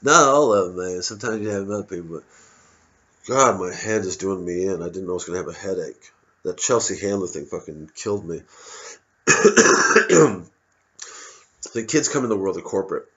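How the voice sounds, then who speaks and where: A man's voice: deep voice, expressive, moderate pace, pauses often, a bit bright, highs cut off. A male comedian giving a digressive, self-interrupting, profane stand-up monologue.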